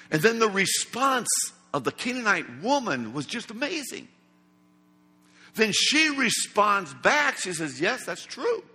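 A man's voice: sits high, bright, forceful tone, breathy edge. A man preaching a sermon in an emphatic, dramatic way, acting out the quoted lines. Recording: long hall reverb.

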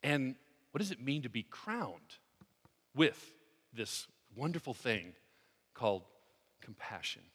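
A male pastor preaching a sermon in an earnest, conversational way, often halting and restarting his sentences. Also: medium pitch, big pitch swings, a bit bright, slightly rough. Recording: long hall reverb.

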